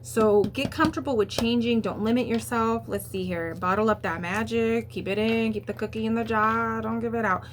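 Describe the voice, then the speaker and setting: A young woman giving a casual tarot reading, talking in a chatty, animated way with lots of fillers and the odd swear, laughing at her own asides. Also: a little high, moderate pace, few pauses, a little hiss or hum. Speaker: tarot reader.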